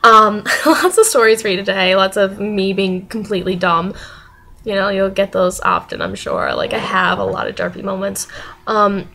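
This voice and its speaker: A young woman telling stories from her week in a casual vlog, animated and laughing often. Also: mid-range voice, normal speed, vocal fry. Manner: animated, laughing often, acting out quoted voices. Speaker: vlogger.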